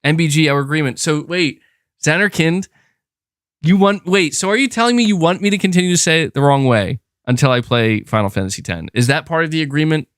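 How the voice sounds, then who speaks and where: With a slightly high voice, lively intonation and a quick pace that leaves few pauses, a man reads his stream chat and talks loosely with viewers. He rambles, using many fillers and restarting often, and the audio is studio quality without echo.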